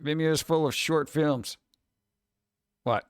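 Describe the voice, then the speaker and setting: A man chatting casually on a stream, reading headlines and memes aloud and answering them with sarcastic, animated asides. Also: fairly high pitch, takes it slowly, clean tone, no echo, clean studio sound. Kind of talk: casual live-stream chat.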